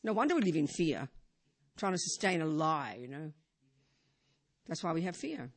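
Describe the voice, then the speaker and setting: An older woman teaching as a Buddhist teacher in an informal talk. She speaks conversationally, with frequent "you know" and rhetorical questions, and swings between emphatic and hushed delivery. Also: low voice, sing-song, moderate pace.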